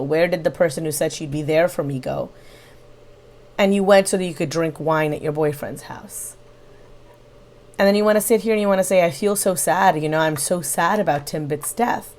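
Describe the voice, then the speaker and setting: A woman with a slightly low voice gives reaction commentary on a livestream. She builds her critique point by point in an analytical tone. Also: darkish tone. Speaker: reaction channel host.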